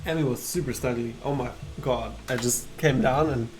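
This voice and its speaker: A woman's voice: very deep voice, moderate pace, over music. A young woman, giggly and teasing in casual chat while drawing on a livestream. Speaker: livestream co-host.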